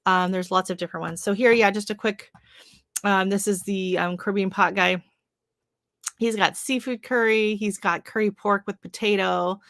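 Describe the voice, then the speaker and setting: A woman's voice: medium pitch, fairly even intonation, moderate pace, fairly bright tone, no echo, clean studio sound. A woman hosting a live stream, chatting casually with viewers, greeting them by name and rambling with lots of fillers. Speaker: livestream host. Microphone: livestream setup.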